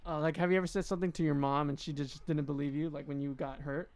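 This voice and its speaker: A man's voice: on the high side, fairly even intonation, fast, darkish tone. A young man co-hosting a podcast, asking questions casually and laughing often. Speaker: podcast co-host. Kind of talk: casual chat.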